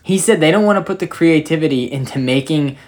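A man's voice: fairly high pitch, fast, darkish tone. A young man co-hosting a podcast in casual chat, opinionated and rambling with lots of fillers. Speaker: podcast co-host.

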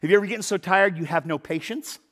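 Man, pastor, high voice, lively conversational sermon with loud emphatic bursts, church stage mic. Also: fast. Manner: animated, conversational preaching with sudden loud emphasis. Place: church sanctuary.

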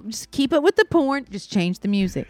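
A woman co-hosting a talk show, trading loud, crude, laughing banter. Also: a little high, sing-song, moderate pace, no echo. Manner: loud, bawdy, laughing, drunk-sounding. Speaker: co-host.

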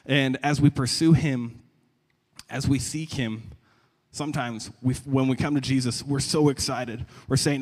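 A young man preaching a sermon in a conversational, animated way, often stumbling and repeating words. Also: mid-range voice, a little slow. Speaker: pastor. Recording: long reverb of a large hall.

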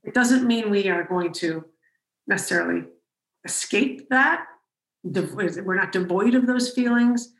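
A woman podcast host telling a story in an animated way, with frequent restarts. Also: mid-range voice, measured pace, echoey room, low-quality recording. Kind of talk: conversational storytelling.

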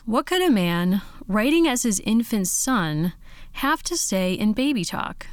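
A woman host giving scripted, measured narration to introduce segments of an interview. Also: medium pitch, very animated, no echo.

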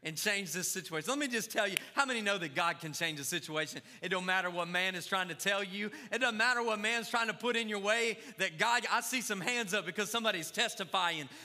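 A man's voice: sits high, fairly quick, few pauses, sharp tone. A male pastor preaching a fervent sermon to his congregation, calling out to the crowd. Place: church sanctuary. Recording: long church reverb.

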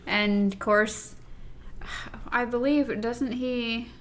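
A woman's voice: on the high side, fairly even intonation, very slow. A woman chatting casually about an episode, acting out the characters' lines as she retells it. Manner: chatty, acts out quotes in dialogue. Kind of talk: casual chat recapping an episode.

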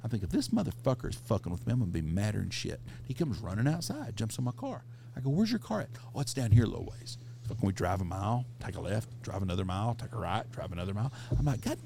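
A middle-aged man hosting a podcast, telling a crude anecdote in a casual, profane, animated way. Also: on the low side, fast, gravelly, slight background noise. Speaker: podcast host. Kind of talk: casual storytelling.

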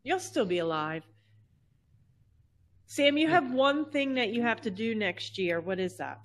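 A woman's voice: a little high, animated, measured pace. A woman producing a podcast, joining the casual chat in a playful, bossy way.

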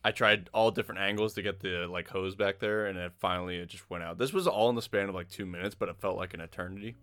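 Lower-voiced young man telling a story. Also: fast. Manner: animated storyteller, acts out quotes. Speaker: podcast co-host. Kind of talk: casual podcast storytelling.

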